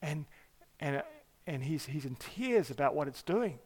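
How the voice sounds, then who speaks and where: A man preaching a sermon as pastor, earnest and emphatic, often restarting words and swinging between loud stresses and quiet asides. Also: on the high side, animated, unhurried, breathy edge. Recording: hall reverb.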